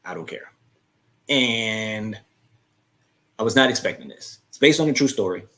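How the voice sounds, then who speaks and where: A young adult man hosting a live chat, casually retelling a movie's plot and acting out its lines in quick quoted voices. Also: lowish voice, lively intonation, fairly bright tone.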